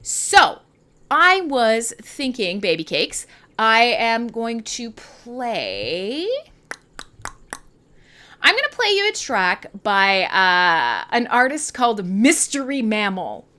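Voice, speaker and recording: A woman's voice: fairly high pitch, wildly swooping pitch, slow, bright, forceful tone. A tired woman from Canada hosting a casual livestream, rambling, giggly, swearing freely and making fun of herself. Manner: rambling, giggly, profane, self-mocking. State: tired and high. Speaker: livestream host.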